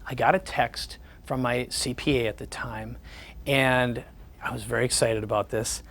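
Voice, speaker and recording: A man's voice: mid-range voice, steady tone, normal speed, creaky, fairly bright tone. A man giving a sales presentation, telling personal stories and acting out the conversations in them. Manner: storytelling, repeats the words of others in conversation.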